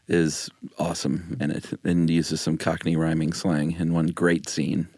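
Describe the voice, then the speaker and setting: A man's voice: rumbling low, little pitch movement, measured pace, darkish tone, slightly rough, dry recording. A man co-hosting a podcast, chatting casually and explaining things in a laid-back way. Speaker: podcast co-host. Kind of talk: casual chat. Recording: dry close studio sound.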